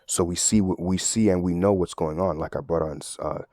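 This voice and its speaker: A man with a very low, deep voice talks through a casual sermon, recorded dry and close with no room sound. He explains things in a loose, conversational way and keeps checking in with his listeners. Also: fairly even intonation, brisk, mellow, no room sound. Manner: conversational, tag questions, sports analogies. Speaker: Bible teacher.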